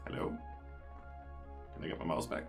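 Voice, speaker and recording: A man's voice: normal speed, music in the background. A man streaming a game live, chatting and explaining each step as he plays.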